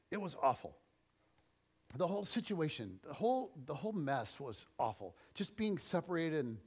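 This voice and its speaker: A middle-aged man preaching a church sermon and telling a personal story, swinging between loud and soft. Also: fairly high pitch. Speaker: pastor.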